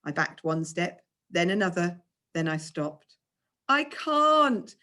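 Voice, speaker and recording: A woman, a teacher, reading a children's novel aloud with expressive storytelling. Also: low voice, measured pace.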